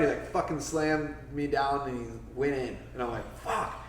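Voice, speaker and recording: A man's voice: mid-range voice, fairly even intonation, normal speed. A man in his forties from Florida, a podcast guest telling stories casually, swearing freely and acting out quotes in a raised voice. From Florida, USA. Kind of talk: casual storytelling interview. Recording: echoey room, mic a bit far, faint background noise.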